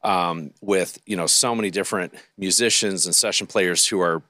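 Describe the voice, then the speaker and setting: A man in his fifties, a singer and podcast guest, telling his life story in an earnest, unhurried way with many fillers. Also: sits low, sharp tone, dry recording, clean studio sound. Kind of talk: interview storytelling.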